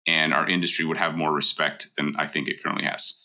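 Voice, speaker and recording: A man's voice: very deep voice, flat delivery, fast talker, bright, forceful tone. A middle-aged man from Canada, a mortgage broker giving blunt, emphatic advice in a casual talk and hammering home his points.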